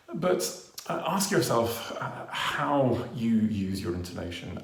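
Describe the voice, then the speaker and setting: Man, lowish gravelly voice, earnest training talk, lots of ers and ums, lapel mic. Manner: varies pace and volume to demonstrate. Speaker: presenter and trainer. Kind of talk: instructional talk to camera. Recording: roomy echo.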